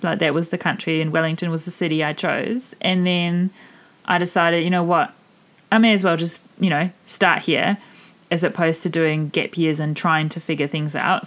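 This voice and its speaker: A woman in her thirties from Germany with a New Zealand accent, hosting her own podcast in a candid, chatty monologue full of fillers. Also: deep voice. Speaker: podcast host and mindset coach. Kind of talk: casual solo podcast monologue.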